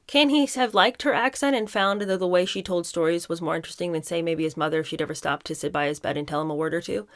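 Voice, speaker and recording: A woman with a slightly low voice hosts a podcast, taking turns between reading passages from a book and talking straight to her listeners with blunt opinions. The sound is close and dry, with no room around her. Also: dry recording. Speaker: podcast host. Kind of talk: reading a book aloud and commenting on it.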